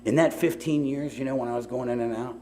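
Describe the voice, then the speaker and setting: This middle-aged man's mellow, mid-range voice moves fast, with slight background noise in the recording. Speaking at a recovery meeting before an audience in a meeting hall, he tells his story conversationally, with many asides and frequent "you know"s.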